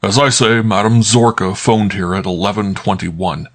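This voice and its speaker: A man's voice: on the low side, steady tone, moderate pace, close to an everyday voice. A man voicing an authoritative older male detective in an audiobook, formal and precise. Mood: commanding. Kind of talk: audiobook character voice.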